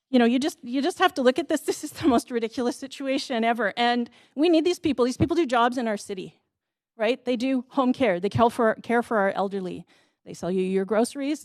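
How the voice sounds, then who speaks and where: A woman's voice: a little high, dry recording, studio quality. A woman in her thirties or forties speaking at a city council public hearing, impassioned and pleading, with brief laughs.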